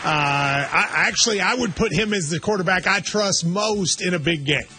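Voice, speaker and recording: A man's voice: high voice, moderate pace, pushed and bright, soft background music. A man co-hosting a sports talk show, giving firm, opinionated picks. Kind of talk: radio sports chat.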